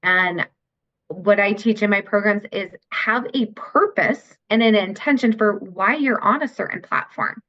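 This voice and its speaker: A woman's voice: mid-range voice, a little slow. A middle-aged woman, a mentor for teens, explaining earnestly and patiently as a guest in an interview. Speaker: guest, teen mindset mentor. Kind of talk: podcast interview conversation. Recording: dull lo-fi sound.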